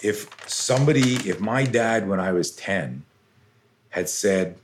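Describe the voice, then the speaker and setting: A man's voice: sits low, animated, a little slow, slight background noise. A middle-aged man, a self-defense coach, telling stories intensely and animatedly as a podcast guest, with casual swearing. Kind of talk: podcast interview storytelling.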